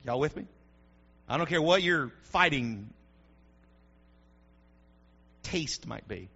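A male pastor preaching a sermon in church, building to shouted peaks. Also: on the high side, animated, unhurried, gravelly, breathy edge, dull audio.

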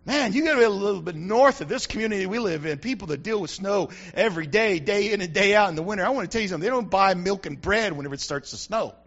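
Man, pastor, fiery sermon, very high sharp voice, muffled lo-fi recording. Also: lively intonation, quick pace, few pauses. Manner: emphatic, rising to shouts.

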